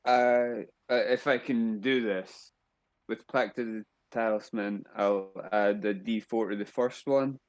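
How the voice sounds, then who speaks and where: A man's voice: on the low side, fairly even intonation, measured pace. A man playing a tabletop game, talking casually about his rolls. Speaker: player.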